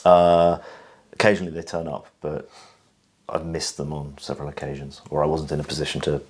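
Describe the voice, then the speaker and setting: A man with a very deep, husky voice answering questions in a casual chat, hesitant and filling pauses with ums. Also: completely flat delivery. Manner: hesitant, with fillers and repeated words. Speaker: firearms channel host answering questions. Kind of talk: casual conversational Q&A.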